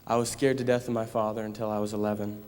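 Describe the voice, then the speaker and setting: A young man speaks solemnly about his past in a low, flat voice with little rise and fall. A long reverb hangs around every line, as in a large hall. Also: fast. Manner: plain, solemn recounting. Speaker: son giving a talk. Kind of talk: personal testimony talk.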